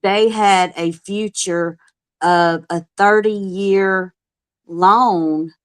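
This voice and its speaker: A woman's voice: medium pitch, steady tone, drawn-out words, smooth, dry recording. A woman speaking in an earnest, heartfelt way during a casual livestream chat about a ministry.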